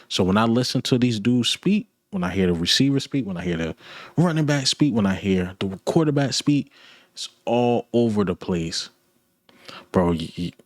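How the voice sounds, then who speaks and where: Blunt, frustrated low-voiced man. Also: no room sound, clean studio sound. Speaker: sports commentator. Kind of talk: ranting sports talk.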